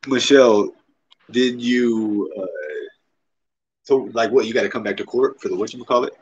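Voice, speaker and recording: A man's voice: mid-range voice, fairly even intonation, normal speed, muffled recording, a little hiss or hum. A man hosting a casual livestream chat, teasing his guest with prodding questions. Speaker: livestream host.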